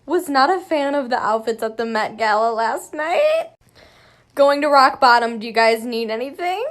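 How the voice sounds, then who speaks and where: A woman's voice: fairly high pitch, animated, normal speed. A woman reading funny tweets aloud in a giggly way, laughing through the punchlines.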